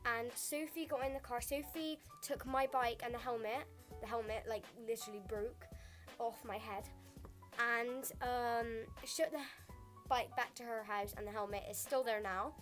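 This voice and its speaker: A teenage girl tells a casual storytime in a slightly high voice. She rambles and leans on "like" between every clause. Soft music plays faintly underneath. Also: steady tone, normal speed. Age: teens. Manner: rambling, full of "like" fillers. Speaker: vlogger.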